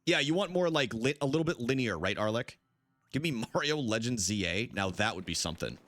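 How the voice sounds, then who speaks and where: Lively-voiced man streaming a game. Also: medium pitch, fairly quick. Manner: chatty, answers chat, swears freely. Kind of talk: casual live-stream chat while gaming.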